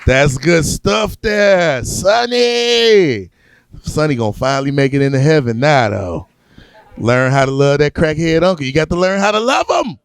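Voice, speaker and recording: A man's voice: on the high side, lively intonation, normal speed, clean tone. A man hosting a comedy show, hyping the crowd between acts and plugging the comedian. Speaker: show host.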